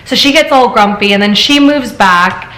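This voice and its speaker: A woman hosting a casual chat show, reading stories aloud and telling her own story in an animated way. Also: a little high, normal speed. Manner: animated storyteller, laughs often. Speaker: host. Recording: echoey room.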